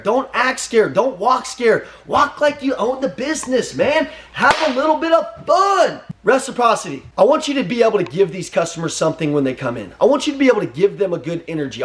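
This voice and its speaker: Casting: young male sales trainer, high voice, intense, blunt and profane, punchy repeated commands. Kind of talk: motivational sales pep talk.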